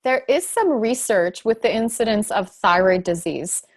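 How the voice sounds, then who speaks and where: She's a pharmacist specializing in thyroid care, a guest on a podcast interview, with a medium-pitched voice, lively intonation and a moderate pace. She explains things thoughtfully, full of fillers and restarts, and is lightly sarcastic at times.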